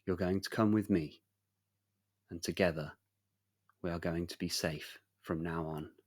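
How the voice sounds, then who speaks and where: A man playing a gentle, weary knight. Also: deep voice, measured pace, breathy edge. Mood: reassuring. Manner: calm, reassuring, hushed.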